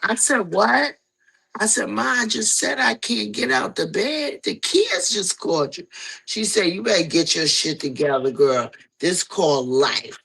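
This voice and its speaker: Middle-aged woman, casual storytelling, gravelly and husky, bright tense edge, acts out quoted voices. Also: mid-range voice, expressive, unhurried, low-quality recording. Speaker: guest telling her story.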